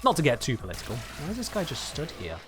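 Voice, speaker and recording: A man's voice: on the high side, huge pitch swings, fast, over music. A British man chatting casually on a live game stream, rambling and reading chat aloud.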